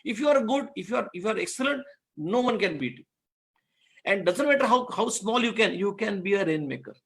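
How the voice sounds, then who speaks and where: A man teaches business owners in an earnest, repetitive way. His voice sits high for a man and carries a gravelly fry. He tells a simple animal fable to drive home his lessons. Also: lively intonation, a little fast, fairly bright tone. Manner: earnest, repeats words, tells a fable to make points. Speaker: guest speaker on business law. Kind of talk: online masterclass talk.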